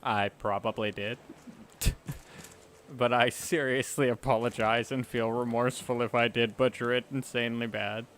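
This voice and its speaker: A man's voice: mid-range voice, steady tone, normal speed, a bit bright, slight background noise. A man chatting casually while streaming a game, rambling and self-deprecating, with frequent chuckles. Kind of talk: casual gaming chat.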